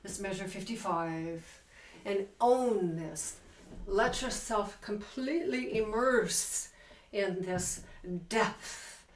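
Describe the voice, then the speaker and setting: A woman's voice: mid-range voice, slow. A woman teaching a piano piece, counting beats and singing phrases aloud with enthusiasm. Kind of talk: piano tutorial talk. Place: room with a piano. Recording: roomy sound from a distant mic, with loud piano. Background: piano playing.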